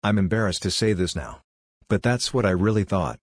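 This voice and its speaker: Deep-voiced man giving a talk. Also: lively intonation, fairly quick, breathy edge, dry recording. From Canada. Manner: earnest, explanatory, asks the audience questions. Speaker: speaker. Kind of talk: public talk to a live audience.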